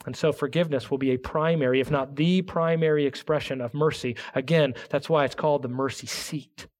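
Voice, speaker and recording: A pastor preaching a sermon with earnest emphasis, reading scripture aloud and dropping to a hushed tone for key points. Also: male voice, mid-range voice, fairly even intonation, fairly quick.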